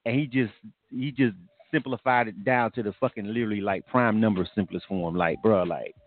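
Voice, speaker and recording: A man's voice: lowish voice, brisk, dry recording. A man hosting a casual radio music review show, talking in a laid-back, slangy, profane way. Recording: tinny phone-like broadcast audio.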